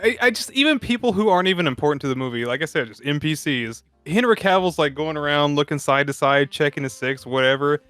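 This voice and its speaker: A man co-hosting a podcast, talking fast and joking with a profane edge. His voice is bright and forceful, and the recording is dry and close. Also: on the high side, animated, no echo, faint music behind. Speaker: podcast co-host. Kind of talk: casual chat about a film over beer.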